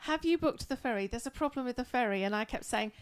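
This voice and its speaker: A woman's voice: fairly high pitch, expressive, quick pace, smooth. A woman co-hosting a casual chat, telling travel stories in a chatty way and laughing often. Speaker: co-host.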